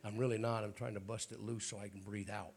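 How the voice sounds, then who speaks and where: Raspy low-voiced preacher man. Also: flat delivery, quick pace, darkish tone. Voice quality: raspy, throat-clearing. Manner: folksy, joking preacher talk. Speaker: bishop. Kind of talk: sermon. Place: church.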